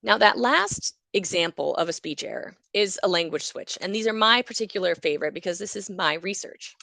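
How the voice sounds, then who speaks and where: A woman who is a university psychology lecturer, explaining everyday speech errors in a lively way and acting out examples. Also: medium pitch, brisk, vocal fry, no echo. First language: English.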